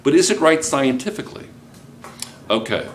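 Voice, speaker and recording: A man's voice: on the high side, expressive, normal speed, slight background noise. A male chemistry teacher, giving a joking classroom lecture and constantly checking in with students.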